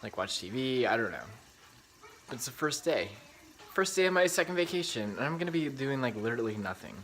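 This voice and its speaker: Speaking briskly in a medium pitch, this young man rambles through a casual cooking vlog in his home kitchen. Excitable, he swears often and leans on "like" constantly, while food sizzles in the pan and the audio quality is poor.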